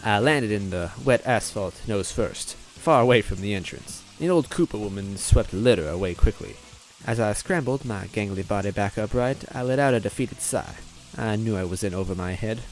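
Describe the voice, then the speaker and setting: A man's voice: lowish voice, moderate pace, faint music behind. A man narrating a story in first person, breaking in with wry comic asides. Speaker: reader, narrator.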